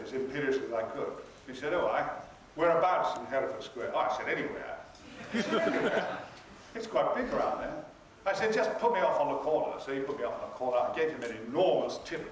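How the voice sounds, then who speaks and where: Older man telling a theatrical story. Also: medium pitch. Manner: theatrical, wry storytelling, acting out other people's lines. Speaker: convention panel guest. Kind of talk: anecdotal storytelling. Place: convention hall. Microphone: audience recording from far off. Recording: echoey hall recorded from a distance with noise.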